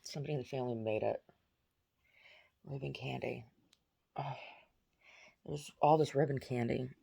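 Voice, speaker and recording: Deep fry-voiced woman chatting casually to camera, tells a long dream story, says like a lot. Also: moderate pace, warm tone. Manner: rambling, many "like" fillers and restarts; baby talk to her pet dog. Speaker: vlogger. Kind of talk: casual vlog, recounting a dream.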